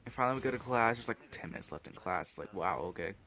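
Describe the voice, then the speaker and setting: A man's voice: lowish voice, expressive, fast, bright, forceful tone, slight background noise. A teenage boy from the United States telling a rambling story over gameplay, full of fillers and restarts. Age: teens. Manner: rambling, filler-heavy, with restarts and acted-out quotes. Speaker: gameplay commentator.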